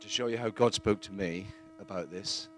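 A man giving a plain-spoken, earnest testimony in church, halting now and then with fillers. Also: fairly low pitch, slight background noise.

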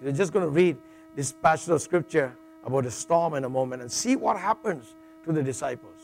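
A middle-aged man preaching to a congregation in a relaxed, joking manner. His voice sits a little high for a man, and he keeps checking in with his listeners. A low mains hum runs under the recording. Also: brisk, gravelly. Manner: jokey, conversational, with frequent "all right" asides and restarts. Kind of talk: sermon.

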